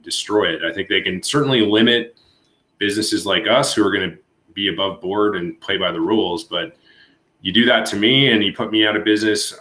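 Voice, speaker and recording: A man speaking as a guest on a panel show, talking haltingly and restarting often. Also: sits low, sharp tone. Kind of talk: panel discussion. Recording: echoey room.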